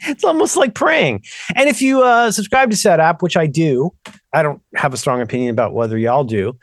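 A man's voice: fairly high pitch, normal speed, no echo, studio quality. A man co-hosting a podcast, rambling through casual tech chat and interrupting himself often. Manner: rambling, animated, self-interrupting. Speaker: podcast co-host.

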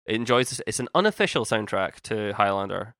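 A man's voice: on the low side, animated, a little fast, fairly bright tone, no room sound, clean studio sound. A young man co-hosting a casual podcast chat, rambling and cutting himself off mid-sentence, swearing casually now and then. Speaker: podcast co-host.

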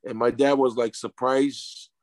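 A man's voice: mid-range voice, fairly even intonation, a little slow, dry recording. A man, a retired athlete being interviewed, telling his story with emotion and stumbling over repeated words. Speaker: interview guest, retired sumo wrestler.

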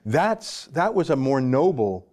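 A Canadian man hosting a talk show, measured and opinionated as he responds and comments. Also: mid-range voice, sing-song, a little mellow. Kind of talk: broadcast talk.

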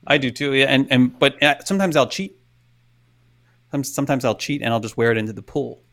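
A man's voice: medium pitch, brisk, fairly bright tone. A man co-hosting a podcast in casual chat, telling stories in a rambling, self-interrupting way. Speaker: podcast co-host.

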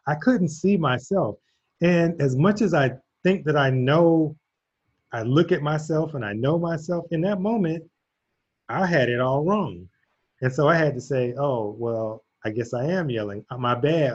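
A man's voice: mid-range voice, a little mellow, breathy edge. A man hosting a casual conversation, speaking reflectively and telling a personal story with laughs. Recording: dull lo-fi audio.

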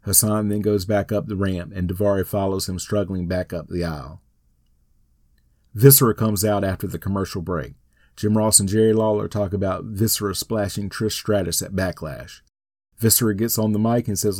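A man's voice: low voice, steady tone, normal speed, a little mellow, dry recording. A man reading out a written wrestling show recap in a dry, matter-of-fact way.

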